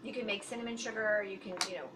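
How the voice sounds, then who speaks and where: A woman's voice: medium pitch, fairly even intonation, fast talker. A woman therapist explaining feeding techniques to a parent while coaching a young child through a session. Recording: noisy home video recording.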